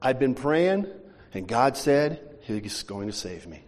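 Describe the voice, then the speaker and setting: A man's voice: medium pitch, big pitch swings, slow, darkish tone. A preacher voicing a stubborn man stranded on a roof in a flood, refusing rescue with prim insistence, in a reverberant hall.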